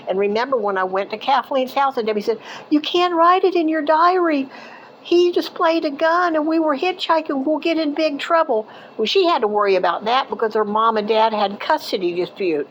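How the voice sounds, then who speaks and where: An older woman from Florida, casually telling a memory from her childhood in a halting way, restarting sentences and trailing off into quieter asides. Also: medium pitch, slight background noise, low-quality recording. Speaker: eyewitness recounting a childhood memory. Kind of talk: casual personal storytelling.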